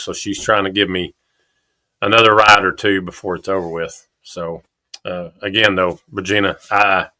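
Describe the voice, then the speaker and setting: A middle-aged man, co-hosting a podcast. His voice sits low but rings bright and forceful. He tells chatty stories and laughs easily. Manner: chatty, storytelling, quick laughs. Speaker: podcast co-host. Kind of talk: casual chat.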